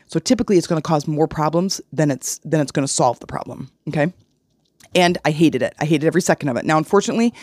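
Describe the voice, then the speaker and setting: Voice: medium pitch, no echo, studio quality. A podcast host talking solo, casual and frank, telling stories with analogies. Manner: animated storytelling with analogies.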